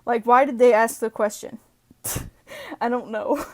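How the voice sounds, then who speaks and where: A woman's voice: a little high, expressive, a little slow. A young woman casually reading internet posts aloud and adding playful, sweary asides between giggles. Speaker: reddit post reader.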